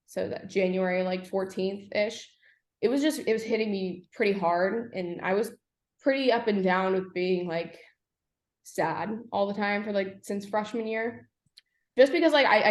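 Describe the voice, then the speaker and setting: Young woman, podcast guest; candid, halting delivery full of fillers; mid-pitched, echoey room. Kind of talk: personal story in a podcast interview.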